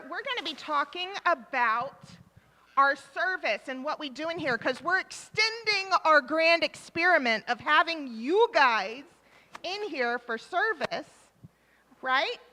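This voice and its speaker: A woman leading a children's time in a church service, asking the children questions and warmly repeating their answers, speaking into a microphone in the sanctuary. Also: high-pitched, lively intonation, slow. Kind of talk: interactive children's talk with questions. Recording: reverberant church hall.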